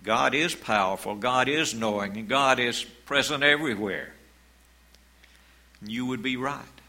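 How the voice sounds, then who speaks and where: A man preaching a sermon as pastor, in a slow, measured way, reading scripture aloud. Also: medium pitch, sharp tone, poor audio.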